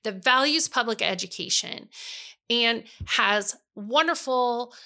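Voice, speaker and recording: A woman's voice: on the high side, slow pace, pushed and bright. A middle-aged woman from Iowa, co-hosting a casual podcast chat, blunt and fired up, swearing freely. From Iowa, United States. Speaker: podcast co-host, bookstore owner.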